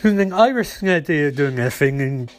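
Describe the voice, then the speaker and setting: A high-voiced man rattles off a wry, rambling recap of a TV episode. He keeps an easy, joking tone throughout. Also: expressive, brisk. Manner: rambling, wry, acts out the characters. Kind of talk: casual comedic recap.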